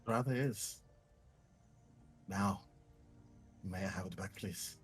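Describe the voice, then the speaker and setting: A man voicing a guarded young man who coldly refuses to share family matters and quietly insists on getting back what is his. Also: on the low side, expressive, normal speed, faint music behind, close to an everyday voice. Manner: curt, cold, quietly insistent.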